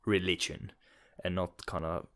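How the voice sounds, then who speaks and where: A man from Finland with a Finnish accent, co-hosting a casual podcast chat and cracking deadpan jokes. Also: low voice, measured pace. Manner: deadpan joking. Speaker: podcast co-host.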